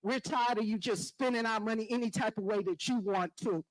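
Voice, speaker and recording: A woman's voice: a little high, fairly quick, no room sound, poor audio. A woman resident giving a firm, disappointed public comment at a village board meeting.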